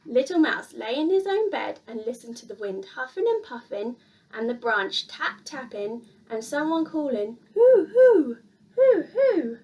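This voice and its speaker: Woman, storyteller for children, sing-song and expressive, high lively voice, picked up from a distance. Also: moderate pace, lo-fi sound. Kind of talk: children's picture book reading.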